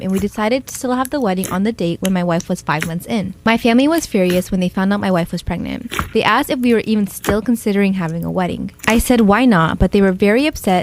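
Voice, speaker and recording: Fast-reading woman narrating forum posts. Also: mid-range voice, slight background noise. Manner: quick, steady read-aloud delivery.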